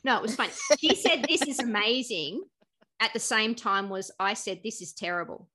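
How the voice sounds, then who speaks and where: A woman's voice: mid-range voice, fairly quick, pushed and bright. A woman, a pharmacist by trade, telling a story in casual conversation, laughing often and acting out what people said. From Australia. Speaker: guest, pharmacist. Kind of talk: casual podcast chat.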